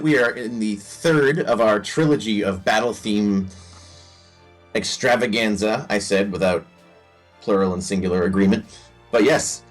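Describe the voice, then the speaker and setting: A man's voice: lowish voice, moderate pace, faint music behind. A man hosting a casual podcast chat, rambling and joking with playful self-deprecation. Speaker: podcast host.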